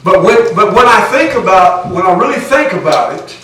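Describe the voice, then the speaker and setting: A man's voice: high voice, expressive, moderate pace, fairly bright tone. A pastor preaching a sermon in a church, earnest and restarting phrases as he builds each point. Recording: echoey hall, voice from far off the mic.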